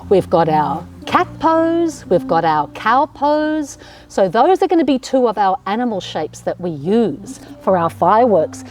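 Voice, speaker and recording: A woman's voice: mid-range voice, sing-song, unhurried, a little mellow. An Australian woman leading a children's yoga class in an encouraging, sing-song way, with playful animal sounds. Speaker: kids yoga teacher.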